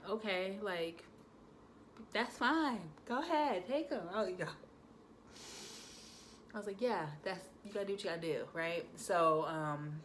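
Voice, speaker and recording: A young adult woman, chatting casually to her viewers, animated with lots of fillers. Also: low-pitched, a little hiss or hum. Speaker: vlogger, new mother.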